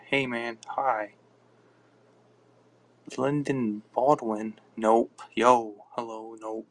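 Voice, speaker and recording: A man hosting a podcast, chatting casually and offhandedly in a halting, mumbling way. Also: medium pitch, level tone. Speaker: podcast host. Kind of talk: casual live-stream chatter.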